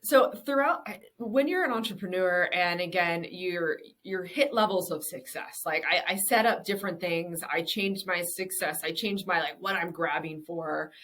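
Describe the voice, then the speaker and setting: A woman's voice: on the low side, normal speed, hardly any pauses, a bit bright. A woman in her thirties, a business owner and interview guest, chatting casually and candidly, swearing freely and laughing often.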